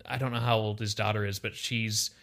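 On a casual podcast, a young male co-host talks fairly fast in a lowish, creaky voice. His storytelling is spirited, and he performs people's words instead of just reporting them.

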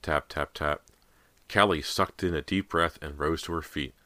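Deep-voiced man narrating a horror audiobook. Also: steady tone, sharp tone, no room sound. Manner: measured, suspenseful reading.

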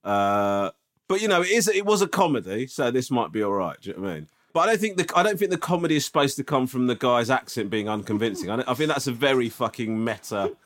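A man with a lively, bouncing pitch, recounting an anecdote in loose, profane podcast chat. He keeps checking in with his listener as he talks. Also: fast talker. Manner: animated, swearing, tag questions. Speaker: podcast co-host. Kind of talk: casual storytelling chat.

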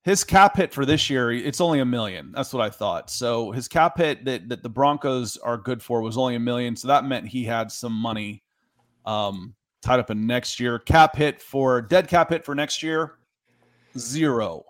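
A man hosting a sports podcast in an easygoing, chatty way, talking close to a podcast microphone. His pitch sits in an ordinary middle range for a man. He reads viewer comments aloud between points. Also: moderate pace. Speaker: podcast host. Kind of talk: casual sports talk.

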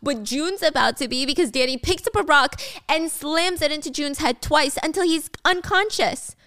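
A woman's voice: high voice, moderate pace, a bit bright, dry recording. A young woman casually retelling a drama story, chatty with sarcastic asides, on a close mic. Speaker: drama recap narrator.

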